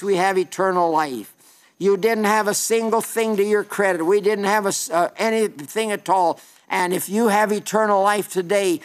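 An older man preaching a sermon in a folksy storytelling way, slowing down for emphasis. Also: sits high.

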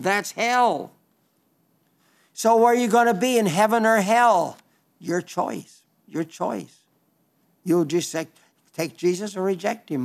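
A man with an Oklahoma accent preaching a broadcast sermon, earnest and emphatic, repeating key phrases and reading out listener letters. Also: high voice.

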